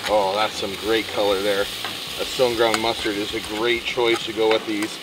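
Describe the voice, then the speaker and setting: A man chatting casually as he cooks outdoors, explaining each step in a relaxed way. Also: on the low side, moderate pace, distant mic, very noisy. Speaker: outdoor cooking vlogger. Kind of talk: casual cooking narration. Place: outdoors at a campsite.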